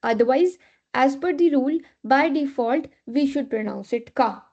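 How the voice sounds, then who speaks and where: A woman's voice: sits high, normal speed, darkish tone. A woman teaching a French class, patiently repeating rules and checking in with "okay". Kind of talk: live online class teaching. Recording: dull lo-fi class recording.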